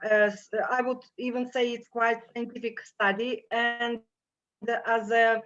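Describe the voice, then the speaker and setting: An older woman with a strong Russian accent, speaking slowly and haltingly with many fillers as a guest on a video call panel. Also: fairly high pitch, flat delivery, fairly bright tone. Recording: dull lo-fi video call audio.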